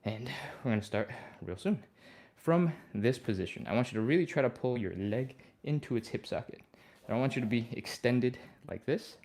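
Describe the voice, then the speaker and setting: A man coaching a live flexibility session, breezy and encouraging as he explains each move. Audible sighs and breaths slip in between his steady, everyday instructions. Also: medium pitch, normal speed, few pauses. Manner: relaxed, upbeat, talks through each move. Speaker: fitness instructor.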